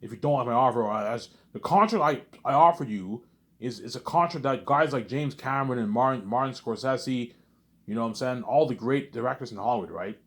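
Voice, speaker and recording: A man in a casual rambling monologue, animated and repetitive, arguing back and forth with himself. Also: medium pitch, fairly quick. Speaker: vlogger.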